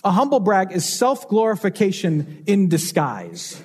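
A man's voice: high-pitched, lively intonation, moderate pace, darkish tone, husky. A man preaching a sermon as pastor, telling stories and asking rhetorical questions with changing emphasis.

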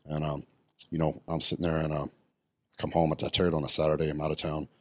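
A middle-aged retired bodybuilder, guesting on a casual podcast, tells his story bluntly with frequent swearing and plenty of ums. His very deep voice is flat and quick, recorded cleanly in a studio with no echo.

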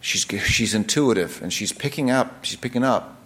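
A man's voice: mid-range voice, animated, normal speed, hardly any pauses, a bit bright. Conversational preacher man teaching scripture. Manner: conversational, with frequent restarts and asides.

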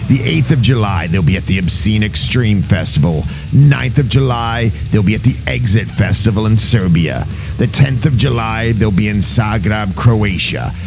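Male announcer, low gravelly voice, scripted promo read, steady listing, guitar music loud behind. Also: moderate pace. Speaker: tour announcer.

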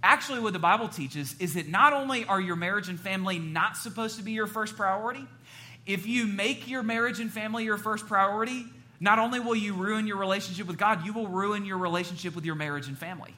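A man preaching a sermon as pastor, animated and quick to joke with the congregation. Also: sits high. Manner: animated, joking asides to the congregation.

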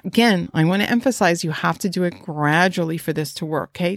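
A woman's voice: lowish voice, fairly quick, no echo, clean studio sound. A woman horse trainer giving an instructional talk, rambling with restarts and asking the listener many questions.

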